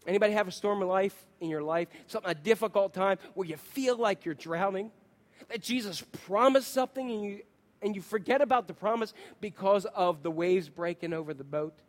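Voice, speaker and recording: A man preaching a sermon, telling stories with lively acted-out quotes and asking his listeners questions. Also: sits high, a little fast. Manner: animated storytelling, acts out quotes, asks the congregation questions. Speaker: pastor.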